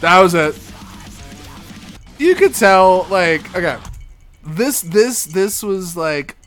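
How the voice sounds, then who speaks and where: Excitable, crude young man reacting. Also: sits high, slow pace, pauses often, faint music behind. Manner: crude, excitable, laughing outbursts, swearing. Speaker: streamer reacting to videos. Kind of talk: casual reaction commentary.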